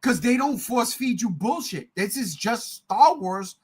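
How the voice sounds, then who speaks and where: A middle-aged man co-hosting a casual podcast, ranting in a heated, profane way and often shouting. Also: very high voice, lively intonation, unhurried, husky, rough recording. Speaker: podcast co-host.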